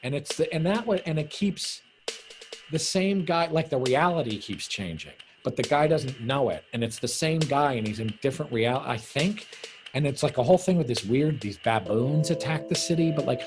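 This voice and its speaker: A man's voice: medium pitch, moderate pace. A man in casual conversation, telling stories animatedly and acting out the people he quotes. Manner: animated storyteller, acts out quoted voices. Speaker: co-host. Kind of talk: casual conversation over video call. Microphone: phone or video call. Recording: video call audio with music behind.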